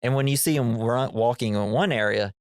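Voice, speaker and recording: A man's voice: mid-range voice, fairly quick, clean tone, no echo, clean studio sound. A man co-hosting a casual movie podcast, rambling and acting out characters' lines. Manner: rambling, acts out quoted lines. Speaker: podcast co-host. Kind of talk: casual movie review chat.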